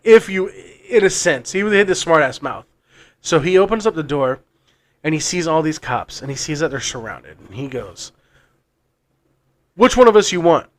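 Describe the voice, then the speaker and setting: A podcast co-host spins a long, meandering story in a casual, profane way. His voice sits a little high for a man, and he keeps doubling back over his own words. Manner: rambling and profane, with frequent restarts and laughs.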